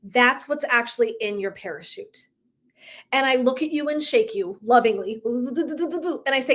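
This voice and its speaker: A woman life coach speaks on a live motivational broadcast in a fairly high voice. She is emphatic and swears freely, laughing often as she acts out conversations with her listeners. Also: lively intonation, unhurried.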